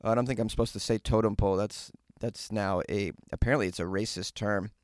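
A man's voice: fairly low pitch, steady tone, quick pace, dry recording, clean studio sound. A man hosting a comic news podcast from a closet, wry and mocking as he riffs on stories. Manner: wry, mocking, laughs often. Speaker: comedian podcast host. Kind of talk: casual comic news commentary. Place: small closet.

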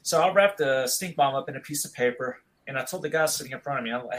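A man's voice: mid-range voice, quick pace, hardly any pauses, fairly bright tone, rough recording. Laid-back man rambling through a story. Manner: rambling, laid-back, says "dude" a lot. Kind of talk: casual chat.

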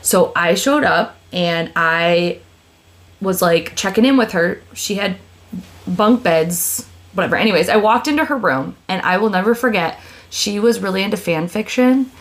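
A young woman hosting a podcast in casual chat, telling animated stories with swearing and frequent laughter. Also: mid-range voice, normal speed. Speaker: podcast host.

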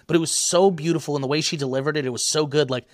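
An excitable young man rambles through a casual podcast chat, stacking up fillers and breaking into laughs. His voice sits a little high for a man. The sound is close and dry, with no room around it. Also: rapid-fire, no room sound. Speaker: podcast co-host.

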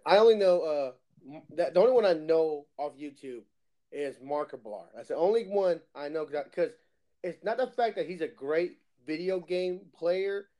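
A man chatting casually on a podcast, telling lively gaming stories and mimicking other players' voices. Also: on the high side, normal speed, low-quality recording. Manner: animated storyteller who acts out other players' voices and swears. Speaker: podcast co-host. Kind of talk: casual chat, storytelling.

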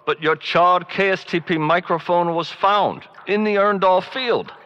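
A man's voice: high voice, a little slow, sharp tone, smooth, highs cut off. A man acting in a comic radio drama with a matter-of-fact delivery. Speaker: radio theater actor.

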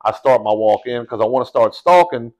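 A man telling a story in casual podcast chat, animated and slangy, calling people bro and dude. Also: medium pitch, fairly quick, muffled recording.

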